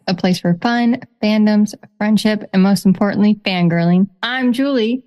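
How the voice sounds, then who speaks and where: A woman's voice: medium pitch, darkish tone. Chatty lady host on a fan podcast, upbeat and playful. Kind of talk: casual podcast chat.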